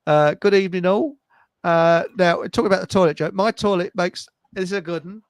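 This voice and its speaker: Jokey english guy reading out chat messages, voice sits a bit high, dry close sound. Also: fairly quick, no room sound. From England. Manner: jokey, chatty, trails off into mumbles. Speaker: co-host reading listener comments. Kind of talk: casual live-stream chat.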